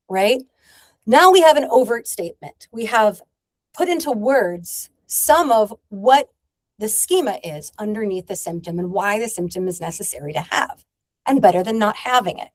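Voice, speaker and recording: A woman's voice: a little high, animated, normal speed, no room sound. A woman psychotherapist giving a training talk to colleagues, explaining methods and acting out short client exchanges. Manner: explanatory, acts out client dialogue. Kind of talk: recorded training presentation.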